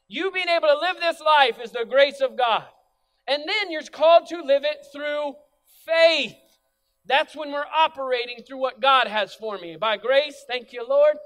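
A man's voice: extremely high pitch, a bit bright. A middle-aged male pastor preaching a sermon in a church, emphatic, repeating key phrases and asking the congregation to say them back. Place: church sanctuary.

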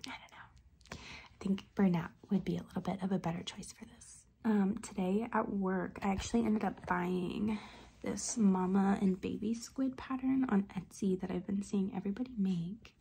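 A young woman vlogging casually about crochet, rambling with lots of fillers, her voice hoarse and half-whispered as she feels unwell. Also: medium pitch, fairly even intonation, moderate pace. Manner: rambling, filler-heavy, slips into soft whispery phrases. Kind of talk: casual vlog chat.

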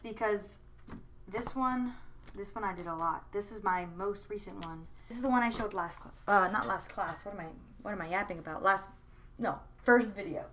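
Speaking at a normal pace in a fairly bright, medium-pitched voice, this young art vlogger talks about her sketchbooks from home. She's chatty and effusive, wandering off track with lots of fillers and false starts.

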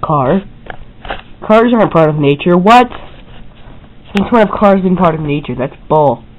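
A man rambling excitedly to his viewers in a casual vlog from his bedroom, on the camera's own mic. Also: a little high, moderate pace, slight background noise. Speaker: vlogger. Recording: slightly dull, lo-fi camera audio.

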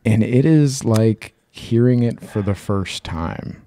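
A man with a low, gravelly voice rambles through a personal story in loose, profane podcast chat. His tone is mellow and dark, and the recording is dry and close. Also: takes it slowly. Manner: rambling storytelling with frequent swearing. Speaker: podcast co-host. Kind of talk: casual chat.

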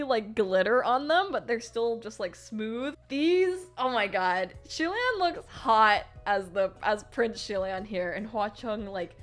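A young woman hosting a casual unboxing vlog, gushing and excitable, often squealing with delight. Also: on the high side, unhurried, few pauses. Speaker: YouTuber. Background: faint lo-fi music.

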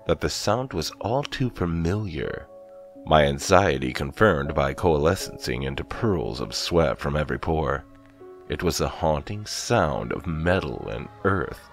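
A narrator with an extremely deep, gravelly voice reads a horror story aloud, slow, grave and dramatic, every line carefully scripted. Faint music plays in the background.

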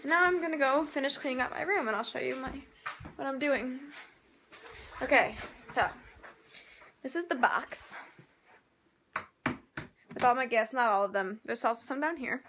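A woman's voice: sits high, normal speed, pauses often, a bit bright, a little hiss or hum. A young woman chatting through a casual vlog, rambling and dramatic. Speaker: vlogger.

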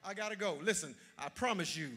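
A man preaching a sermon as pastor, repeating phrases for emphasis and swinging from shouts down to near-whispers in a church sanctuary. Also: high voice, fast talker, a little hiss or hum. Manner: repeats phrases for emphasis, half-sings lines.

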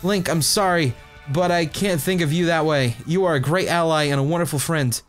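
A man reading a gentle young princess's lines aloud from a fanfic, his voice lifted slightly. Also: fairly high pitch, normal speed, faint music behind, lightly acted.

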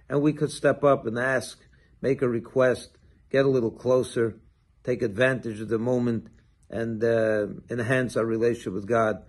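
A man, a rabbi, giving a short sermon and telling a story with lively acted-out dialogue. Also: lowish voice, breathy edge. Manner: animated storytelling, acts out quoted dialogue.

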